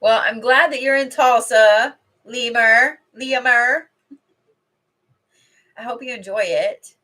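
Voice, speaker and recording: Livestreaming from home, a middle-aged intuitive card reader chats casually as she reads, wandering off topic and cursing without restraint. Her voice is fairly high and a bit bright, at a moderate pace.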